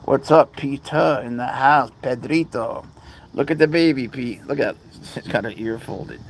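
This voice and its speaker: A man with a gravelly, fry-heavy voice at a middling pitch, chatting loosely on a livestream. He rambles, talks to his cats and reads viewer messages aloud, over a faint hiss of background noise. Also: lively intonation, moderate pace, rough recording. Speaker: livestream host. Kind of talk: casual livestream chat.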